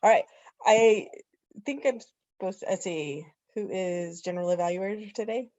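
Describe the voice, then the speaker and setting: A woman's voice: medium pitch, moderate pace, warm tone, no room sound. Woman, meeting host, upbeat and rambling, dry muffled call sound. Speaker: meeting host leading table topics. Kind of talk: casual meeting chat on video call. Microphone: video call. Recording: dry, dull lo-fi call audio.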